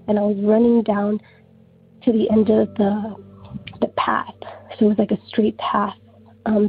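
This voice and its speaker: A woman calling in to tell a story in a rambling, casual way, filling her sentences with "like.". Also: mid-range voice. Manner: rambling, heavy use of "like". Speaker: caller. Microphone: telephone. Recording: phone line with faint music.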